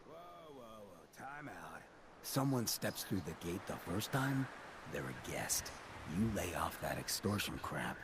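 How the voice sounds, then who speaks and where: An actor playing a swaggering, smooth-talking male town mayor in a video game, with a gravelly, hushed, half-whispered delivery. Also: low voice, sing-song, measured pace, crowd noise. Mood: stern.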